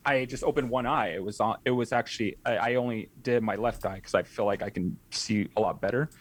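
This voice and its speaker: Young man, podcast guest, casual storytelling, rambling, keeps restarting his sentences, mid-pitched voice. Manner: rambling, many restarts and self-corrections. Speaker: podcast guest, haunt scare actor.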